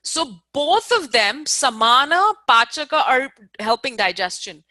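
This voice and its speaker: A woman's voice: high voice, expressive, a little slow, bright, forceful tone, no room sound. A woman from India teaching an online lecture over a video call, explaining step by step, repeating key terms and checking that her students follow.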